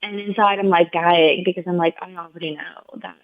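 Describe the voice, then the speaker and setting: A woman's voice: on the low side, steady tone, fairly quick, creaky. A woman guest telling a personal story in a conversational interview. She speaks earnestly and from the heart, with frequent "like"s, and acts out the people she quotes in raised voices. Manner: earnest, heartfelt retelling, heavy use of "like". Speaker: podcast guest. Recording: tinny phone-like sound, dry.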